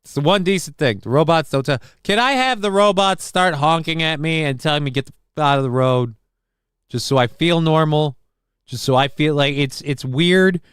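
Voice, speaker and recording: Deadpan man hosting a casual livestream. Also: on the high side, normal speed, clean tone, no echo. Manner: dry, deadpan, rambling, swears casually. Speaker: livestream host reading chat. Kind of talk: casual live-stream chat.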